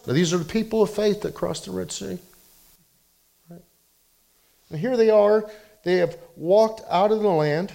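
A man preaching a sermon in an animated way, rising loud when he quotes people and dropping soft and low for personal appeals. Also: normal speed, creaky, pauses often. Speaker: pastor.

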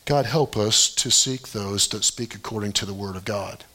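A man preaching a sermon as pastor, in a conversational storytelling way, often pushing his voice up high to stress a point. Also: normal speed, bright, forceful tone.

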